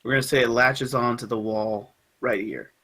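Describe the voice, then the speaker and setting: A man running a tabletop role-playing game as game master, explaining rules in a relaxed way and laughing easily. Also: mid-range voice, normal speed, rough recording.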